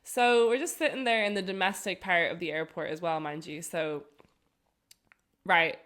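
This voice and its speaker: A woman telling a travel story on a podcast, animated and full of laughter. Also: on the low side, normal speed. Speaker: podcast co-host. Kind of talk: casual storytelling chat.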